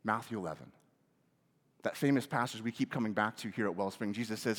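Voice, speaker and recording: A man's voice: fairly low pitch, brisk, in a large hall. Preacher man with wide swings in intensity. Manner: rising to emphatic questions, dropping to soft hushed phrases. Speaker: pastor. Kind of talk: sermon.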